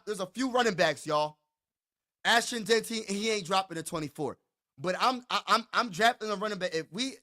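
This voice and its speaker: A man hosting his own sports talk show, ranting with excitement and frustration. His voice sits high and sounds bright. He repeats lines for emphasis and stumbles over quick restarts. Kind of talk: hyped fan rant.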